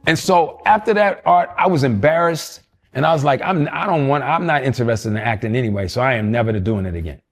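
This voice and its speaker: Faint music plays behind a fast-talking man with a mid-range voice as he recalls his youth for an interviewer. He's a lively storyteller who impersonates the voices of those he quotes.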